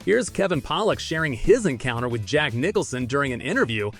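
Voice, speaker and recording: A man's voice: medium pitch, sing-song, fairly quick, fairly bright tone, faint music behind. A man narrating a video compilation in a scripted voice-over. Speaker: host narrator.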